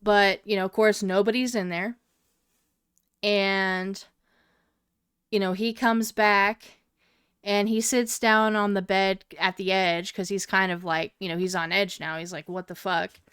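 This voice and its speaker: Woman, twenties, podcast co-host, casual rambling story, swears a lot, very clear voice, dry close mic. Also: medium pitch, level tone, measured pace, fairly bright tone, no room sound. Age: 20s. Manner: profane, meandering storyteller with many fillers.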